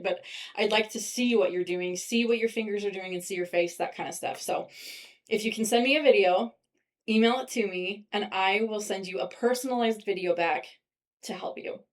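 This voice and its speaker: A woman's voice: medium pitch, rough recording. A woman clarinet teacher giving a casual lesson, sometimes singing rhythms aloud to show them. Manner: sings rhythms aloud to demonstrate.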